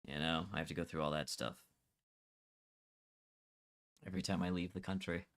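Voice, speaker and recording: Animated Scottish man, bright edgy voice. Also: low voice, very fast. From Scotland. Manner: animated, argumentative, swears freely. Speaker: Minecraft server streamer. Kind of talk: casual gaming chat.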